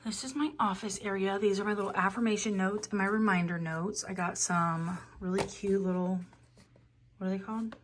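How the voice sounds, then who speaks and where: A young woman, a beauty vlogger, chats casually as she gives a tour of a room in her home, interrupting herself and swearing offhandedly. Her voice is medium-pitched and steady, a little fast, with slight background noise.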